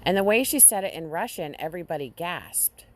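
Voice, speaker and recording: A woman vlogger casually recounting a dream to her audience, halting often and restarting her sentences. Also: fairly low pitch, very animated. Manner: halting, with frequent restarts and fillers. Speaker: Christian vlogger.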